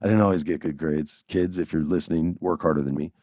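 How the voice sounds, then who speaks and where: A man in his forties hosting a podcast, telling stories in a lively, joking way and laughing as he goes. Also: rumbling low, fast, dry recording, clean studio sound. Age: 40s. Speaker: podcast host. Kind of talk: casual storytelling podcast.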